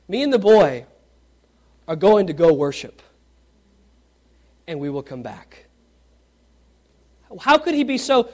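With a very high voice, a male preacher reads scripture and quizzes his congregation. He alternates between booming, animated questions and hushed, emphatic moments.

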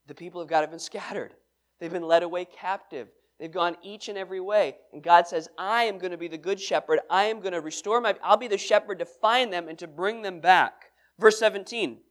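A man's voice: sits high, moderate pace, a bit bright. A man leading a Bible study sermon, reading scripture aloud and explaining it with questions to the room. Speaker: pastor.

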